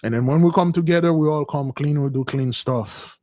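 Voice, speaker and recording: A man giving a livestream sermon in a loose, conversational way, repeating phrases and calling his listeners "beloved", with his voice swinging between loud and soft. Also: on the high side, normal speed. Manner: repetitive, calls listeners "beloved". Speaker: spiritual teacher leading a community fast.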